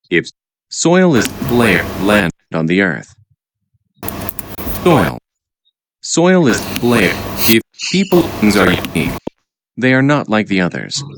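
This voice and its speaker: Low-voiced guy reading vocab definitions, repeats every word, bouncy intonation, noisy clicky recording. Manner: halting, repeats each word after its definition. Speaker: vocabulary teacher.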